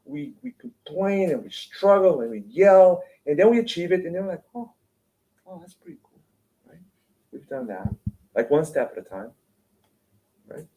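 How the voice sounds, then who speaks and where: A man's voice: sits high, sing-song, moderate pace, dark tone, low-quality recording. Male lecturer at a spiritual talk, chatty and informal, keeps checking in with the room and restarts words. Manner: conversational, keeps asking "right?"; repeats words and restarts often.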